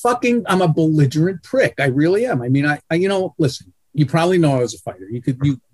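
Blunt, profane sportswriter on a video call. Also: male voice, a little high, expressive, fast talker, a little mellow, no room sound. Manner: blunt, profane, self-deprecating. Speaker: guest, sportswriter. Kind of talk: casual interview storytelling.

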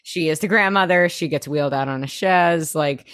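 A woman's voice: low-pitched, moderate pace, fairly bright tone, dry recording, clean studio sound. A woman co-hosting a podcast in a casual recap chat, talking with many "like" fillers. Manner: chatty, many "like" fillers, laughs often. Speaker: podcast co-host.

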